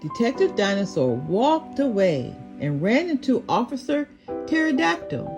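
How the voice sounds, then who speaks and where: An older woman reading a children's storybook aloud, her voice lifting and dipping expressively on every line. She speaks fairly high and takes her time, unhurried and clear, with soft music faint underneath. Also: sing-song.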